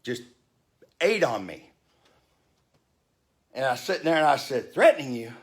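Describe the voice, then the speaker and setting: A man's voice: mid-range voice, sing-song, measured pace. A man in his fifties telling a story in a heated rant, blunt and profane. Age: 50s. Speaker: vlogger.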